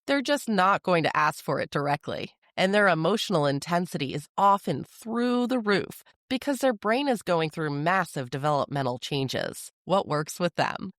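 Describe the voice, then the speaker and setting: A calm, steady parenting podcast host delivers a scripted explainer in an even, measured way. The voice sits at a middle pitch, and the sound is dry and close with no room around it. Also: no room sound.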